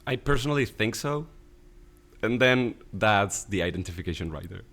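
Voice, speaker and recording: Low-voiced man in measured talk. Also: expressive, a bit bright. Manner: measured, agreeable, backchannels often. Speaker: podcast co-host. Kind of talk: casual philosophical conversation. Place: outdoors near a playground.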